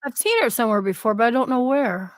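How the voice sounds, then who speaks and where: A woman's voice: on the high side, big pitch swings, quick pace, dry recording. Curious woman podcast host. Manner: curious, asks short follow-up questions. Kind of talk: casual chat.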